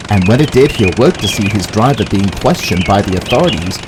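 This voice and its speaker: A man narrating a spooky children's engine story with expressive delivery. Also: fairly low pitch, a little fast, background noise. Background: background music.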